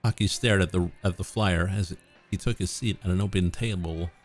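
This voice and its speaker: A man's voice: low voice, steady tone, normal speed, faint music behind. A man streaming a visual novel, reading the narration and characters aloud and breaking off into joking asides. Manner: reads narration, then drops into joking asides.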